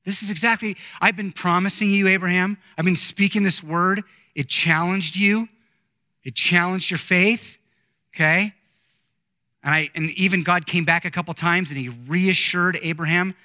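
A man in his forties preaching a conversational sermon, reading scripture and adding lively asides to his congregation. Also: sits high, moderate pace, no echo, studio quality. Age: 40s. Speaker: pastor.

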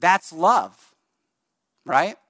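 A middle-aged male pastor preaching a sermon in a conversational, animated way, speeding up and slowing down for emphasis. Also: high voice, dry recording, studio quality. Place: church sanctuary.

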